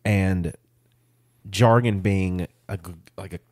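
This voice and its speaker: Podcast co-host, man, low voice, rambling casual chatter. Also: fairly even intonation, slow pace, a little mellow. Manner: rambling, self-correcting, laughs easily.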